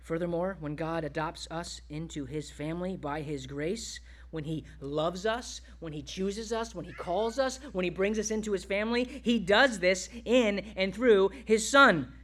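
A male pastor preaching a sermon, exhorting the congregation and dropping to quiet, tender asides. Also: high-pitched, unhurried, few pauses.

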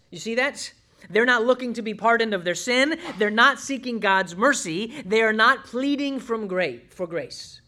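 Pastor, man, high voice, earnest sermon delivery with urgent appeals and soft drops. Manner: earnest, swings from loud urgent appeals to hushed tones.

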